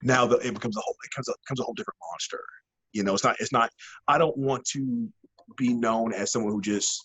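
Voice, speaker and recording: A man being interviewed as a wrestling guest, an animated storyteller who rambles with many fillers and restarts. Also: medium pitch, fast, breathy edge, poor audio. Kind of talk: casual interview chat.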